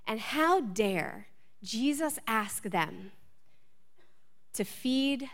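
A woman preaching a sermon, building intensity through repeated rhetorical questions. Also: fairly high pitch. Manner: impassioned, repetitive rhetorical questions. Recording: long hall reverb with faint music.

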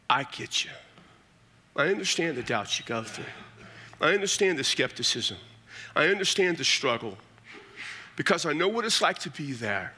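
Bright-voiced pastor telling his story. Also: medium pitch, husky. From South Texas. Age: middle-aged. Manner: folksy storytelling, intimate and earnest. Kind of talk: personal testimony sermon.

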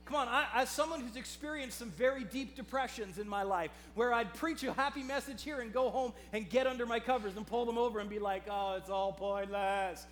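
A man preaching a sermon as pastor, swinging from hushed, low delivery to loud, impassioned outbursts and reading scripture aloud dramatically. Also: fast talker, hardly any pauses, faint music behind.

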